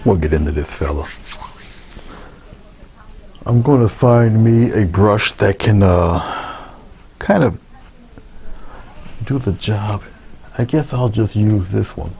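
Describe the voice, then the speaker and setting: A man giving a relaxed, unscripted painting lesson, talking through each step with fillers and restarts. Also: on the low side, takes it slowly, creaky, long pauses, slight background noise. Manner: relaxed, thinking aloud with many fillers and restarts. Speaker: painting instructor. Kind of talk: casual painting tutorial.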